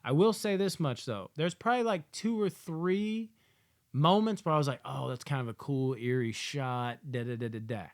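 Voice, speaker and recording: Profane animated male movie reviewer. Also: medium pitch, moderate pace. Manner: profane, animated, acts out movie characters in loud yelling asides. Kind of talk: casual movie review rant.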